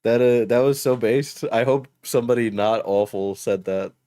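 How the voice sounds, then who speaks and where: A young man talking loosely and profanely while streaming, laughing often and mumbling as he searches for things. His voice is mid-pitched and close and dry. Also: normal speed, warm tone, dry recording. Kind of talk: casual stream chat, reacting to clips.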